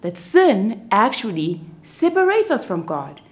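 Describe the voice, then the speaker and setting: A young woman teaching children's church, narrating a Bible story to kids in an animated, expressive way. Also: medium pitch, measured pace.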